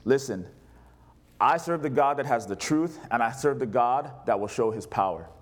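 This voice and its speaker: A man's voice: mid-range voice, lively intonation, moderate pace. A male pastor preaching a sermon, reading scripture aloud and putting questions to his congregation.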